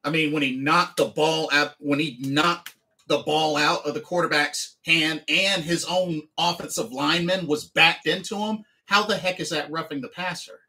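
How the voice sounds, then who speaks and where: A man's voice: fairly high pitch, fairly even intonation, moderate pace, bright, forceful tone. A man streaming a sports game recap, talking emphatically and repeating the same phrases again and again. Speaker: livestreamer and sports fan.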